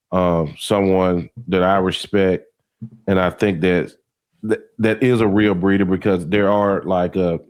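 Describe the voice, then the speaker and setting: A man hosting a podcast, speaking in a relaxed, halting way with many fillers. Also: low voice, smooth. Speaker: podcast host. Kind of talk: casual interview.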